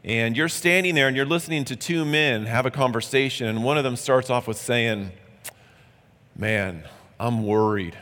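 A man's voice: mid-range voice, fairly quick, hardly any pauses, sharp tone. A male pastor delivers a sermon in a plain, earnest, conversational manner. His voice sits in a middle range. A long reverb from the sanctuary trails his words.

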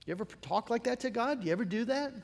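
A man preaching a sermon in an earnest, measured way, reading scripture aloud with dramatic weight. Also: extremely high pitch, animated, gravelly, big-room sound. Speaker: pastor.

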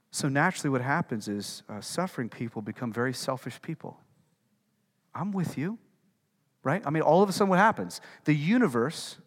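Conversational male pastor in an echoing hall. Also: fairly high pitch. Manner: conversational, asks the crowd questions, repeats words. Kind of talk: sermon. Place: church hall.

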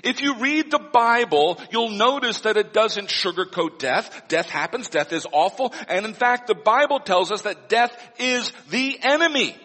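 A man preaching a sermon as a pastor, blunt and wry with slow dramatic pauses. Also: high voice, expressive, sharp tone. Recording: long hall reverb.

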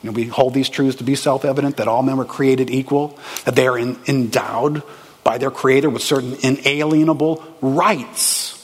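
A man preaching a sermon as a pastor, animated and conversational, asking the congregation rhetorical questions. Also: medium pitch, normal speed, breathy edge. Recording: echoey hall, long reverb.

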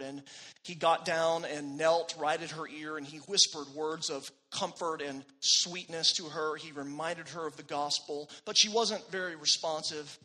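A male pastor preaching a sermon in a bright, sharp voice with a husky edge. He speaks earnestly, pressing hard on key phrases and then sinking almost to a hush as each line ends. His voice sits a little high for a man.

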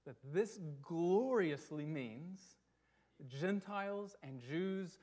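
A pastor delivering a sermon to his church, earnest and emphatic, slowing on key words and asking rhetorical questions. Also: high voice, lively intonation, darkish tone.

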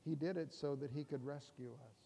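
A man's voice: mid-range voice, fairly even intonation, brisk, gravelly, dark tone. A middle-aged man preaching a sermon, conversational and humorous, with rhetorical questions to the congregation. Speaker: pastor. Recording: long hall reverb.

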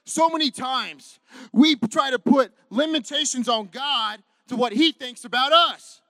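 A man preaching a sermon to a congregation, animated and repetitive, pacing as he talks and acting out the people in his story. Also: very high voice, measured pace, no echo. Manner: animated, repetitive, quotes figures in voices; walks around while preaching. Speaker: pastor. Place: church sanctuary with a congregation.

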